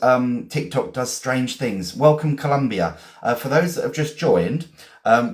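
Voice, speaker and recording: A man from England, teaching vocabulary on a live stream, spelling words out and praising learners. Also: mid-range voice. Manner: encouraging, repeats and spells words. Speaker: English teacher.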